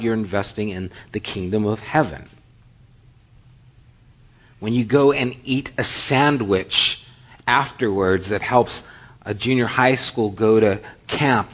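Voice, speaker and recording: A middle-aged male pastor preaching a sermon, telling stories animatedly and acting out the dialogue. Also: mid-range voice. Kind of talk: sermon with storytelling.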